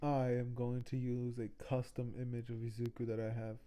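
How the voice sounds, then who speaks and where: A man's voice: mid-range voice, flat delivery, normal speed, mellow. A man streaming live, chatting casually with viewers in a laid-back way and muttering to himself as he works. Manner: laid-back, mutters while working, addresses chat as bro and y'all.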